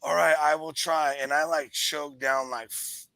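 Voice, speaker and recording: A man with a bright, gravelly voice and a fairly high pitch, talking in a loose, rambling way as he hosts a casual chat. The sound is dry and close, with no room around it. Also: a little slow, no echo, low-quality recording. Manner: rambling, animated storyteller. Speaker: show host reading live chat.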